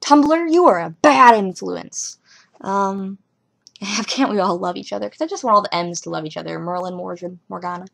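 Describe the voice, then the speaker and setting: A young woman talks loosely and at length about a show, jumping between thoughts with giggles and lively asides. Her voice sits at a middling pitch. She records casually at home on a webcam. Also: moderate pace, vocal fry. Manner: rambling, giggly, animated asides. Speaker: vlogger reviewing a TV episode. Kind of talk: casual rambling chat.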